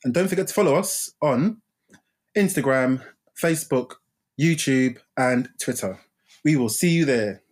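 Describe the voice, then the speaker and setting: A man co-hosting a casual film podcast, relaxed and laughing often, a bit tired after the gym. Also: mid-range voice, measured pace. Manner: laid-back, laughs often, repeats phrases. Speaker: podcast co-host.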